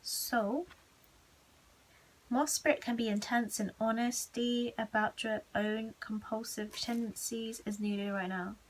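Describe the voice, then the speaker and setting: A woman's voice: fairly high pitch, level tone, unhurried, few pauses, slight background noise, low-quality recording. A woman giving a casual pick-a-card tarot reading at home, chatty, candid and self-mocking.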